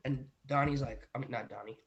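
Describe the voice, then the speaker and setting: A man's voice: medium pitch, steady tone, fairly quick, fairly bright tone, dull audio, slight background noise. A man hosting a podcast, casually and animatedly retelling a dream to his viewers and often saying "literally" and "guys". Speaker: podcast host.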